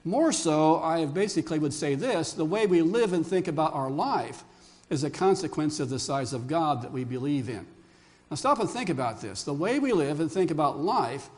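High-voiced older man preaching a sermon. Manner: animated storyteller who asks the congregation questions. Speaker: pastor.

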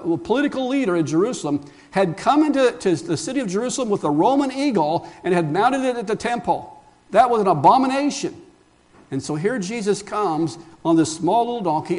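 A man's voice: high-pitched, darkish tone. A male pastor preaching a sermon emphatically, asking rhetorical questions and calling the congregation friends. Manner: addresses listeners as friends.

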